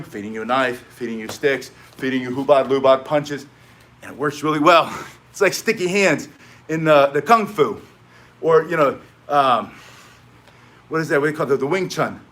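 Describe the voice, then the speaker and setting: A male self-defense instructor on a live stream, with a raised, sharp and bright voice. He talks emphatically to his viewers, hammering short phrases over and over. He often wanders off into quick asides. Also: on the high side. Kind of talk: live-streamed training talk, chatting with viewers.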